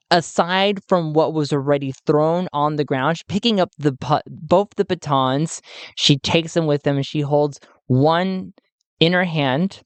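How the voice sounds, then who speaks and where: A narrator running a solo tabletop game, talking slowly and thinking aloud with frequent chuckles. Dry, close sound with no room echo. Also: medium pitch.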